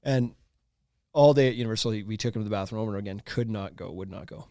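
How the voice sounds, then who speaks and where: A man, hosting a podcast and telling a story in casual chat, animated and laughing often. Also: lowish voice, very fast, no echo, studio quality. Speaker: podcast host.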